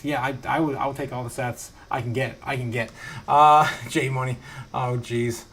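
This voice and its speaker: A man speaks at normal speed in a mid-range, somewhat bright voice as he hosts a casual live stream from his home studio. Reading viewer messages, he rambles, laughs often, and uses many fillers and restarts.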